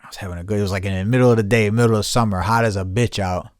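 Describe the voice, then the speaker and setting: A man's voice: lowish voice, steady tone, racing, no room sound, studio quality. A man hosting a podcast, telling a rambling, profane story in a casual monologue and laughing as he goes. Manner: rambling, profane, laughing, acts out his own shouts. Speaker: podcast host.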